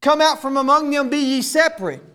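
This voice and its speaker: A man's voice: very high-pitched, animated, brisk. A male pastor preaching a sermon, often repeating words as he restarts, then building to emphatic, raised passages. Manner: stammering word repeats, building to emphatic shouts.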